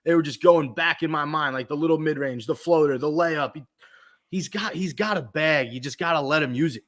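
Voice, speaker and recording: A man's voice: a little high, brisk, fairly bright tone. Upbeat man hosting a podcast. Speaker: podcast host. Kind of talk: casual chat.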